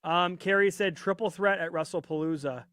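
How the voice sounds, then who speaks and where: A man hosts a live wrestling watch party in a loose, rambling chat, reading out viewer comments. His voice sits a bit high and sounds worn from a long stream. The sound is close-miked and dry. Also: moderate pace, fairly bright tone, clear, resonant tone, no echo. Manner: chatty and rambling, reads viewer comments aloud. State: voice getting worn out. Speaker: podcast host.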